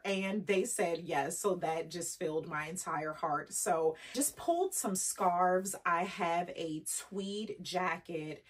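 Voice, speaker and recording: A woman talks casually to her viewers, rambling from one thought to the next and dropping in the odd French word. Her voice sits low and a little husky. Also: slow pace, hardly any pauses, far from the mic. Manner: chatty, rambling, sprinkles French words. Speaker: fashion vlogger.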